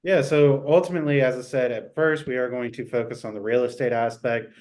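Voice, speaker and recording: Measured man explaining plans. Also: mid-range voice, fairly even intonation, darkish tone. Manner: measured, explanatory, uses fillers like "so ultimately". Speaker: co-host answering questions. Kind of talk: casual livestream Q&A.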